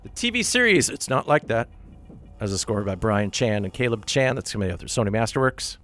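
A male radio host reading out a list of new releases, briskly, with wry asides when he corrects himself. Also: on the low side. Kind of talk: radio music show, listing soundtrack releases.

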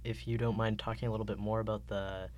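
A man co-hosting an interview, asking questions in a soft, low-key way. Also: flat delivery, quick pace.

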